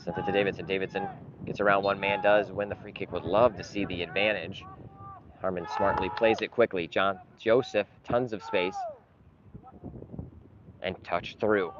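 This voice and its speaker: A man's voice: low-pitched, fairly even intonation, normal speed, a crowd in the background. Frustrated man calling his club's match. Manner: frustrated, bursts into yelling at bad calls. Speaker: club's live stream commentator. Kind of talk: partisan play-by-play commentary. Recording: dull lo-fi live stream audio with noise.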